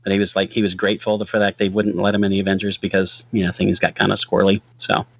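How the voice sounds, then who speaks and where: A man's voice: sits low, monotone, quick pace, creaky, dull audio. A man co-hosting a casual film podcast, chiming in with jokey remarks. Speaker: podcast co-host. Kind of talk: casual movie podcast chat.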